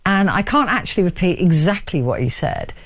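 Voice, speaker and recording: Lively woman radio host. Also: on the low side, fairly quick. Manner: chatty anecdotal storytelling. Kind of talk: radio phone-in chat.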